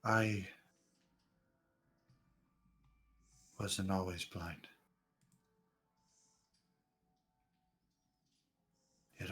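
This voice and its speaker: A man playing a hushed, halting blind old man. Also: sits low, voice pushed down. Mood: somber, hushed. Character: blind old man, wary and soft-spoken.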